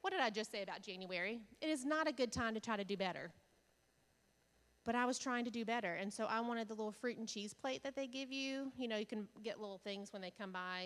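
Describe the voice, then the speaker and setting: A woman giving a conference keynote, telling candid, funny stories and asking the audience questions. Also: mid-range voice. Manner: candid, humorous storytelling with audience asides. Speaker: keynote speaker. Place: large conference hall. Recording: hall reverb from a stage.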